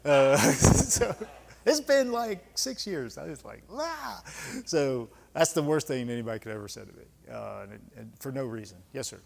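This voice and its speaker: Very animated and gravelly, with a darkish tone, this mid-range voice moves at normal speed. It belongs to a retired senior Army leader from the US in his fifties, lecturing and answering audience questions in a club lecture hall with long reverb, blunt, emphatic and conversational, telling candid stories with folksy asides.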